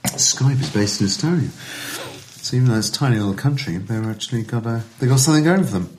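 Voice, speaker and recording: A middle-aged male comedian chatting casually as a podcast guest, quick to joke and often trailing off mid-sentence. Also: medium pitch, animated, darkish tone, a little hiss or hum.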